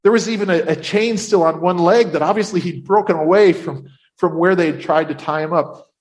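A man telling a Bible story in the first person, in character, with animated, breathless delivery and frequent restarts. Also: high-pitched, a little fast.

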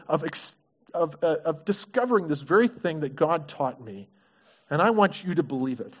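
A man's voice: fairly high pitch, expressive, normal speed, breathy edge. A man preaching a sermon, asking his congregation questions in an earnest, engaged way. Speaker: pastor. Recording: dull lo-fi recording.

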